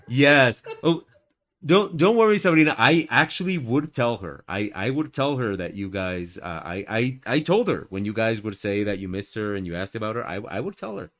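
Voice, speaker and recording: A man's voice: mid-range voice, lively intonation, normal speed, fairly bright tone. A man hosting a live art stream in casual chat, playful and jokey, often laughing at himself.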